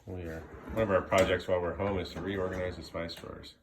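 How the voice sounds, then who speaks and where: A man's voice: low voice, little pitch movement, quick pace, background noise. A man chiming in casually during a home cooking demonstration in a kitchen.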